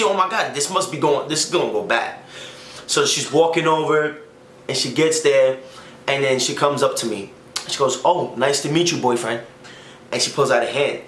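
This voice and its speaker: Animated young man telling a story. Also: medium pitch. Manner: animated, acts out quotes, slangy. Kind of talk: casual storytime. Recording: echoey room with faint noise.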